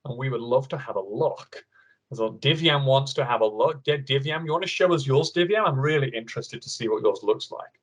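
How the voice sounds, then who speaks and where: A man teaching a live online lesson to children, telling the story with animated storytelling. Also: medium pitch, fairly quick.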